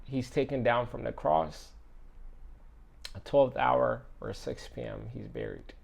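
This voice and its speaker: In an unhurried, medium-pitched voice, a male preacher shares a relaxed devotional sermon with earnest, conversational warmth and frequent fillers. A gravelly fry trails his phrases, and sometimes his delivery turns hushed.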